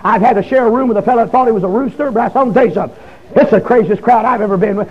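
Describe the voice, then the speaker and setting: High-voiced husky preacher. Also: male voice, racing. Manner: folksy storytelling with bursts of shouting. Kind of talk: sermon testimony. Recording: dull lo-fi recording.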